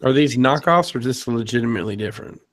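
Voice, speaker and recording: A man's voice: medium pitch, lively intonation, fast talker, dry recording. A man co-hosting a casual podcast, throwing in wry joking remarks. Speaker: podcast co-host. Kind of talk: casual group chat.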